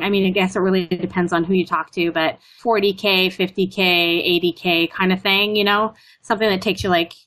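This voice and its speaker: A Canadian woman chatting casually, full of "like" and "you know", acting out her own stories. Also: medium pitch. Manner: chatty, lots of "like" and "you know", animated retellings. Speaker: guest. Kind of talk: casual chat.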